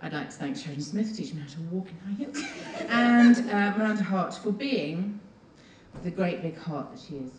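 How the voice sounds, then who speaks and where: A woman giving a rambling, giggly, excited award acceptance speech on a theatre stage. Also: on the low side, moderate pace, noisy background. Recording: echoey theatre, far from mic, loud audience. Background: audience laughter.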